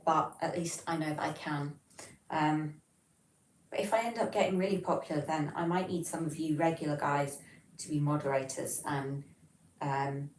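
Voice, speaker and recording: A woman's voice: low voice, a little hiss or hum. A woman with a general Southern English accent, hosting a casual livestream and chatting as she answers viewer messages. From England. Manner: chatty, rambling, reads chat messages aloud and answers them. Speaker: livestream host. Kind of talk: casual livestream chat reading viewer comments. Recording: roomy, from some distance off the mic.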